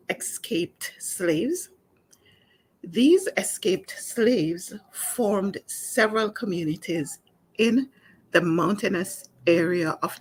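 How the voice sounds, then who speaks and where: Woman language teacher, low voice, slow unhurried delivery, calm and explanatory. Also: husky. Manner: calm, explanatory, with small restarts. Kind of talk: spoken language lesson.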